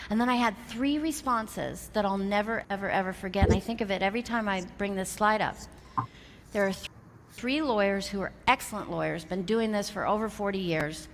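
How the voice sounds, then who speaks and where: Woman storyteller in a reverberant hall. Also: medium pitch. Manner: animated, retells dialogue in quotes, builds to emphatic lessons. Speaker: motivational speaker. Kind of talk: storytelling motivational talk. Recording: reverberant hall, faint background noise.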